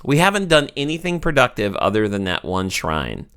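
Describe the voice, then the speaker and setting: A man's voice: on the low side, huge pitch swings, moderate pace, clean tone. A man in his thirties with a Southern US accent, hosting a let's play and commenting on his gameplay, often frustrated and talking straight to viewers. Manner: frustrated, talks to viewers, loud outbursts.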